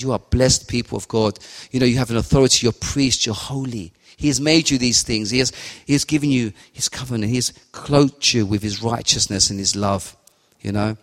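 Fervent man preaching in an echoing hall. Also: mid-range voice. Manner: fervent, repetitive phrasing. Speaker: lay preacher. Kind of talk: sermon and spoken prayer. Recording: long hall reverb.

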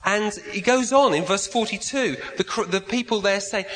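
High-voiced preacher in an echoing hall. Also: male voice, fairly bright tone. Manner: halting, repeats words when searching. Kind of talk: sermon.

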